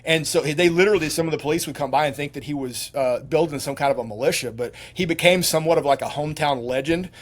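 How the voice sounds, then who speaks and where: A middle-aged man speaks as a guest in a casual interview, telling stories in a lively, rambling way. His voice sits fairly high for a man, and he keeps breaking up his sentences with fillers and restarts. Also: fast talker, few pauses. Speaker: guest, military veteran.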